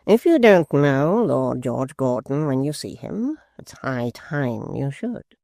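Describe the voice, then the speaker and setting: An audiobook narrator voicing a male secretary who speaks mildly and in a measured way, with a gravelly edge. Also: medium pitch, very animated, a little mellow, dry recording, studio quality, heavily acted. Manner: mild, measured, slow. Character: smooth, scheming male secretary.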